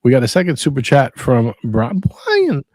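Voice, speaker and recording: A man's voice: medium pitch, huge pitch swings, moderate pace, darkish tone, a little hiss or hum. A man hosting a casual livestream, joking and reading out viewer messages. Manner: joking, reads out viewer chats. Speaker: host.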